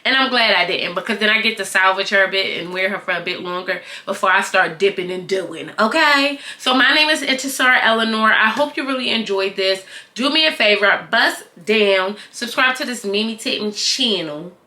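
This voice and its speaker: A grown woman vlogger reviewing a wig in casual, slangy chat, playful and animated as she talks straight to her viewers. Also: mid-range voice, normal speed, hardly any pauses. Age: adult, not young. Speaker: beauty vlogger reviewing wigs. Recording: echoey room.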